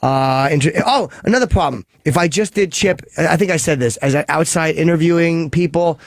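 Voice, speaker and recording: A male radio host fields callers in loose, crude chat that keeps cutting itself off. His voice sits a little high. The studio sound is close and dry, with no room in it. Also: fairly quick, gravelly, no room sound. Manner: rambling, self-interrupting, crude. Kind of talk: casual radio talk taking calls. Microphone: studio microphone.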